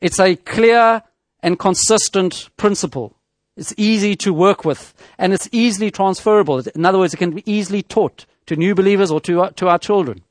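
A man preaching a sermon in a measured teaching tone, with rhetorical questions and frequent restarts. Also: sits high, dry recording.

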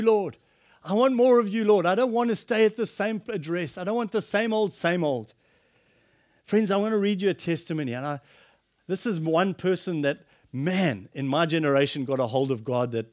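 A man preaching a sermon, impassioned, swinging from loud exclamations to hushed, earnest tones. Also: on the high side.

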